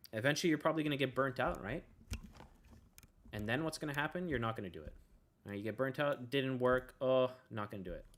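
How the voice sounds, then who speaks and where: A laid-back man talks through self-help advice in a loose, rambling way. His voice sits at an ordinary middle pitch, and he keeps tacking "right?" onto his points. He drops in casual slang and the odd curse. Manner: laid-back, says "bro" and swears. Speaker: self-help video host. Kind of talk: casual motivational talk.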